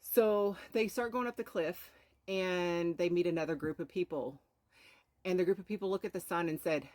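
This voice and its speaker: Woman, live-stream host, lowish voice, earnest storyteller, checks in with "right?". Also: fairly quick. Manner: earnest, with frequent rhetorical "right?". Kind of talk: inspirational storytelling talk.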